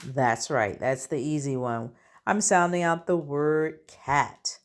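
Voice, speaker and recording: A woman with a low voice leads young children through a phonics lesson. She talks very slowly and patiently, sounding out each letter of simple words. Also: fairly even intonation. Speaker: kindergarten teacher.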